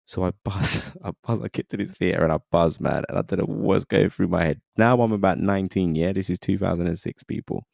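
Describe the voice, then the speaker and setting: A man, a podcast guest telling his story in animated casual talk, often saying "you know what I mean". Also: sits low, fairly quick, vocal fry, hardly any pauses, no room sound, studio quality. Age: 30s.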